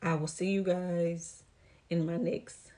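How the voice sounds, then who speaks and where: A woman's voice: lowish voice, level tone, takes it slowly, mellow. A woman from the United States, out of breath, chatting casually to her viewers through a try-on haul vlog and calling them "y'all" and "girl.". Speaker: vlogger.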